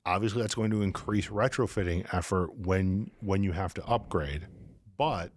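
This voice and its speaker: A man explaining technical choices in a measured, methodical way as a podcast guest. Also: deep voice.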